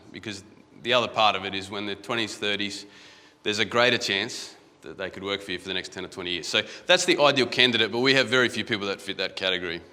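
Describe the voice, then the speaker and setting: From the stage of a large, echoey conference hall, an Australian guest speaker gives a casual talk full of anecdotes. His voice is fairly low, bright and forceful. He stays conversational, often restarting phrases and repeating words.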